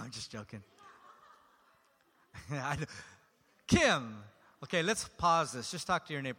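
A man's voice: on the high side, pushed and bright. A man preaching a sermon as pastor, talking conversationally and joking with his congregation. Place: church sanctuary. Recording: long hall reverb.

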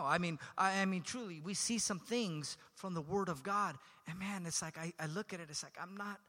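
A man's voice: fairly high pitch, sharp tone. A man preaching a sermon as pastor, talking conversationally and joking with his congregation. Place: church sanctuary. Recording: long hall reverb.

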